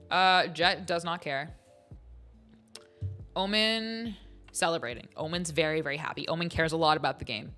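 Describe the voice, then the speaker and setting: A woman's voice: deep voice, lively intonation, normal speed, long pauses, bright, forceful tone, faint music behind. A woman host chatting casually on a livestream, rambling and giggling with many fillers.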